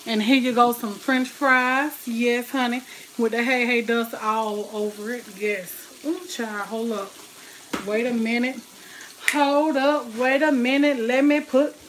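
A woman talking to viewers in a relaxed way while she cooks in her home kitchen, with frying sizzling behind her. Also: a little high, a little hiss or hum. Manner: chatty, talks to viewers and family at home. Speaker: cooking vlogger. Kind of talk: casual cooking vlog.

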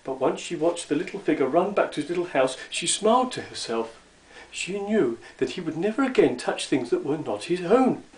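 A man reading a children's story aloud in an expressive, animated way. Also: fairly high pitch, moderate pace, echoey room, poor audio.

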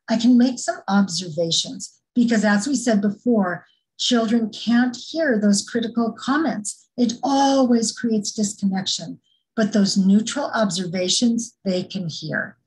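Female workshop presenter, mid-pitched, calm earnest explainer with frequent fillers. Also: unhurried, low-quality recording. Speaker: former teacher. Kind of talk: parent workshop talk.

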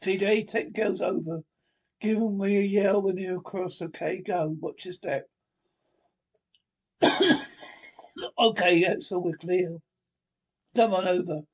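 A man's voice: high-pitched, fairly even intonation, measured pace, creaky, long pauses, darkish tone, husky. A man reading a film script aloud by himself, voicing every character with urgent, clipped lines. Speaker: script reader.

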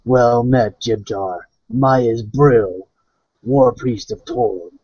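A man voicing a young, gruff male dwarf war priest in a tabletop game, speaking in clipped broken phrases. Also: medium pitch, slow, darkish tone. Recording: muffled dry online voice chat.

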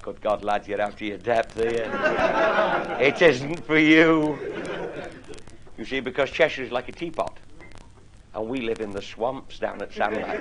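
A middle-aged man, telling bawdy comic stories to an audience and chuckling at his own jokes. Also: mid-range voice. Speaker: after-dinner speaker. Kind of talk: comic storytelling monologue. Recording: noisy vintage 1960s live tape.

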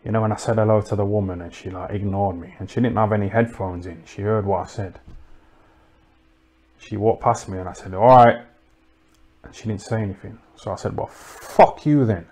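A man doing a rambling comic monologue, deadpan and crude, mocking people and tacking "innit" and "you know what I mean" onto his lines. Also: fairly low pitch, a little fast, husky. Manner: deadpan, crude and mocking, full of tag questions. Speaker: comedic livestream host.

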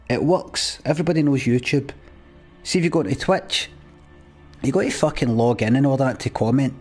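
A young man chats through a live game stream, swearing freely as he rants back at viewers. His voice is a touch husky and sits at an ordinary middle pitch, with faint game music in the background. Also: normal speed, a little mellow. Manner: sweary, ranting at chat in a mock-exasperated way. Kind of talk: casual live-stream chat.

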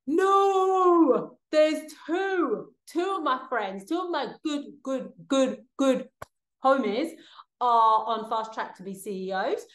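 A woman's voice: medium pitch, roomy sound. A woman hosting her own podcast, talking casually at home in a rambling way with many fillers. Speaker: podcast host. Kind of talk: casual solo vlog chat. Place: home, with a cat nearby.

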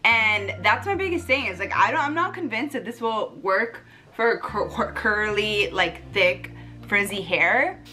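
A young woman chatting excitedly in a casual home beauty vlog, gushing and bubbly. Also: medium pitch, measured pace. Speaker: beauty vlogger.

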